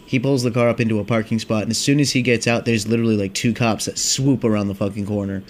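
Speaking fast in a steady, lowish tone, a male vlogger in his 20s meanders through a lengthy casual tale packed with profanity and endless "like" and "dude" fillers. A faint hiss or hum is audible.

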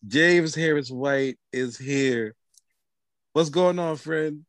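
A man's voice: fairly high pitch, slow, dry recording, clean studio sound. A man co-hosting a podcast in casual chat, joking and teasing like a hype man. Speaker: podcast co-host.

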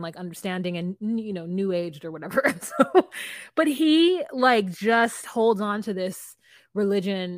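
A woman's voice: medium pitch, dry recording, studio quality. A woman co-hosting a podcast, chatting casually and laughing as she retells scenes from a reality show. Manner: lively, laughs often, quotes the show's people in voices. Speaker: podcast co-host.

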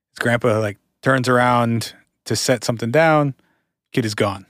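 A man's voice: medium pitch, fairly even intonation, brisk, a bit bright, no room sound. Man retelling a case, dry close mic. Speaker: podcast co-host telling the stories. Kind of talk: casual podcast storytelling.

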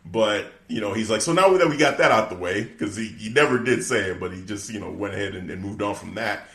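A man in casual chat, recapping a show and acting out lines in higher voices, laughing often. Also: a little fast, echoey room. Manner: animated storyteller, acts out quotes in higher voices, laughs often. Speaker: podcast co-host.

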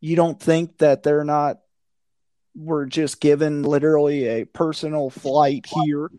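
A man's voice: fairly high pitch, little pitch movement, a little slow, dark tone, no room sound, studio quality. A man in casual conversation, blunt and profane, ranting with a conspiratorial tone. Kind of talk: casual chat.

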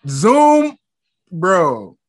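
Young male podcast co-host, casual recap chat, higher-pitched, slangy, laughs easily. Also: drawn-out words. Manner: animated, laughs often, slangy.

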